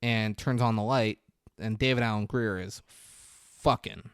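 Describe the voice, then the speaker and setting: A man's voice: lowish voice, fairly even intonation, a little slow, smooth, dry recording, studio quality. A man co-hosting a podcast, casually retelling a film scene and acting out the characters' lines with laughs. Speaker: podcast co-host.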